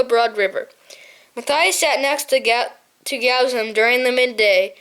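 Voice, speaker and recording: A woman's voice: sits high, a bit bright. A woman narrating an audiobook, reading steadily with small slips and self-corrections. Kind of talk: scripted narration.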